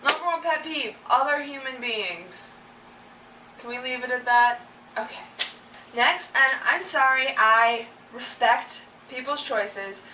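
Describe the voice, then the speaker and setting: A woman's voice: sits high, slow, bright, forceful tone, slight background noise. A young woman vlogger ranting casually and with exasperation about things that annoy her, acting out the people she complains about. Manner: chatty and exasperated, acts out quoted people. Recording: roomy, a little distant from the mic.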